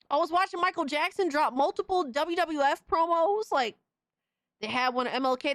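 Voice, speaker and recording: A woman hosting a live stream, reading chat messages aloud and reacting in an excitable, profane, casual way. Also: sits high, moderate pace, no echo, studio quality. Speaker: livestream host reading chat.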